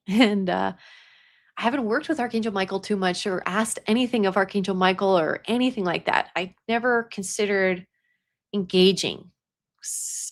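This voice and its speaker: A woman's voice: medium pitch, creaky. A young adult woman who works as a psychic medium, talking casually about spiritual matters, chatty, laughing often and dropping into a whisper at times. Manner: chatty, laughs often, drops into whispers while telling a story.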